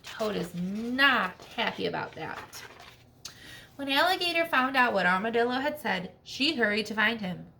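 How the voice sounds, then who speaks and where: A woman teacher reading a storybook aloud to children, expressive and checking in with questions. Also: a little high, normal speed, vocal fry, a little hiss or hum.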